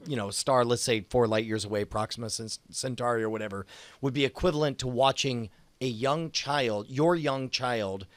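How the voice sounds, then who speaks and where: Guy cohosting a podcast, rambly fast chat, dry close sound. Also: mid-range voice, no room sound. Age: adult parent. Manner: rambling, quick bursts with fillers. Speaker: podcast co-host. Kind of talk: casual chat.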